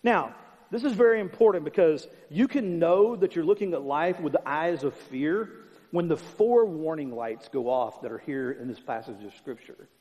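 Pastor, male, higher-pitched, punchy repetitive sermon delivery in a reverberant church hall. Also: expressive, normal speed, darkish tone. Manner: emphatic, conversational preaching with repetition. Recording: long hall reverb, dull sound.

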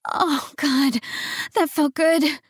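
Woman voicing a cheeky quick-tempered young woman, high and loud and sharp, dry close audiobook sound. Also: steady tone, no echo.

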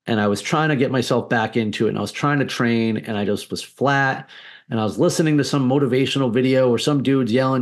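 Man, podcast guest, candid storytelling, blunt and defiant, swears freely, mid-pitched voice. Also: fast.

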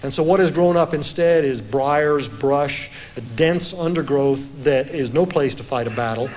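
A man giving a talk as an author, telling history in a measured, explanatory way and reading aloud from his book. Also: a little high, a little mellow, a little hiss or hum. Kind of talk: lecture-style historical storytelling.

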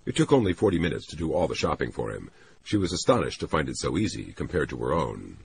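A man doing scripted audiobook narration, expressive and voicing characters. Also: a bass voice, fast, vocal fry, noisy background.

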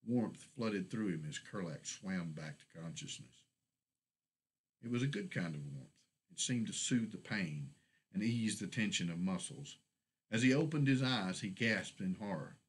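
A man reading his own fantasy short story aloud in a steady, measured storybook narration. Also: fairly low pitch, slightly rough, rough recording.

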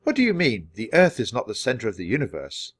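Aristotle, as a man voices a calm wise teacher. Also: mid-range voice, quick pace, slightly rough, heavily acted. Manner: easy, calm.

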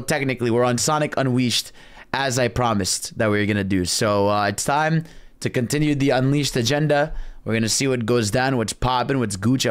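A young adult man giving excitable, slang-filled live commentary on a video game, talking to his chat. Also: mid-range voice, clean tone. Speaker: game streamer. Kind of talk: casual live gaming commentary.

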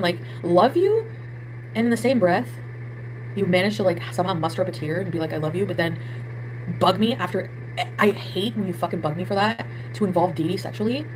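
A young woman with a fairly low-pitched voice rambles, swears and vents about her trip and her friends in an emotional confessional vlog. Music plays behind her, and there is background noise.

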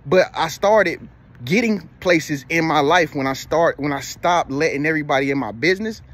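A thirty-something motivational vlogger talks at normal speed, his fairly high voice a bit bright. He offers casual advice in a repetitive, preachy way, checking in again and again with "you feel me."

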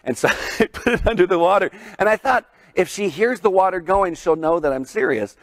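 Animated storytelling pastor, man. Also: high voice, fairly quick, no room sound. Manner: storytelling, animated, laughs often. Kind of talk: sermon. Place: chapel.

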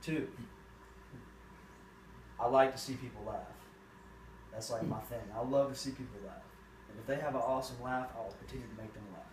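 A man's voice: medium pitch, steady tone, slight background noise. Joking profane teenage guy, roomy and distant. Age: teens. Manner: loud, joking and profane, fast rambling. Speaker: interviewee. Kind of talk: casual chat.

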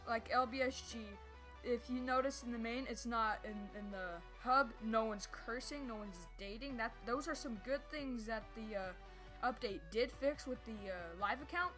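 A woman with a bright, higher voice chatting through a live gameplay session. She rambles and drifts off topic, trips over her words and lets out sudden excited squeals. Faint music plays behind her. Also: normal speed. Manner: rambling, easily sidetracked, stumbles over words. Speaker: gameplay streamer. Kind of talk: casual live gameplay commentary.

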